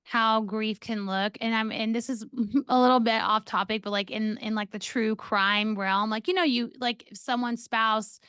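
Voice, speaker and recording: Woman, podcast co-host, casual chat, smooth clear voice, dry close sound. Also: fairly high pitch, fairly even intonation, normal speed, hardly any pauses, fairly bright tone, dry recording. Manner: chatty, many filler words. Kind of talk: casual chat recapping a TV episode.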